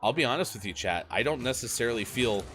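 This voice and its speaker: A man's voice: medium pitch, fast talker, a little hiss or hum. A man co-hosting a gaming morning show, talking casually and energetically to the stream chat while getting over a cold. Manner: chatty, energetic, talks to chat directly. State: recovering from a cold, voice a bit worn.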